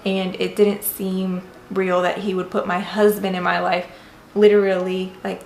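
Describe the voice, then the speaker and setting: Woman telling the how-we-met story, kinda gravelly, playful but sincere, echoey room. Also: medium pitch, a little hiss or hum. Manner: playful and emphatic, then earnest and prayerful. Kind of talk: casual storytelling with a faith message. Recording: roomy echo.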